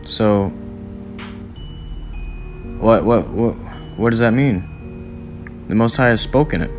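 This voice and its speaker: A man preaching a sermon, reading scripture aloud and driving points home in forceful, repetitive, slangy talk. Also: lowish voice, slow, faint music behind.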